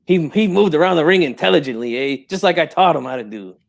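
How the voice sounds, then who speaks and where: Brash old boxing dad, streetwise slang, prickly pride, slightly high voice, as a man puts him on. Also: animated, fast, vocal fry. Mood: boastful. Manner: streetwise slang, tags every line with "eh" and "Holmes". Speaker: guest in character.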